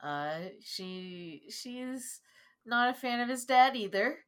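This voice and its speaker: A woman's voice: a little high, expressive, slow, a bit bright, smooth. A woman playing in a tabletop game, describing her character in a casual, joking way with plenty of swearing. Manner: profane, joking, laid-back. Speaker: player.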